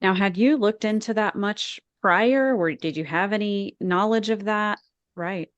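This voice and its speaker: A woman hosting a podcast interview, asking gentle, supportive questions. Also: mid-range voice, measured pace, no echo, highs cut off. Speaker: podcast host.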